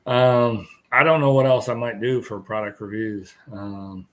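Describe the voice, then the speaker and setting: A man's voice: mid-range voice, fairly even intonation, measured pace. Tired male stream host, casual rambling chat, mid-range voice, chuckles between thoughts. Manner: rambling, chuckles often, greets viewers. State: tired, yawning.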